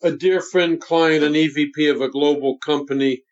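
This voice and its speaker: A man's voice: a little high, steady tone. Older man coaching, dull lo-fi sound. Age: 70s. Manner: deliberate, emphatic, instructive. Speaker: voice coach guest. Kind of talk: coaching interview talk.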